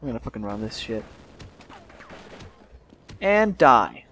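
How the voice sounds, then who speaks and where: A young man giving casual let's play commentary, swearing and yelling in frustration as he plays. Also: mid-range voice, very animated, measured pace, long pauses, slight background noise.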